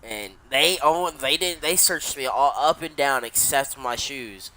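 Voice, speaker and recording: A man's voice: mid-range voice, a little slow, sharp tone. A young adult man casually telling a long story while he streams a game, rambling and swearing, with many restarts.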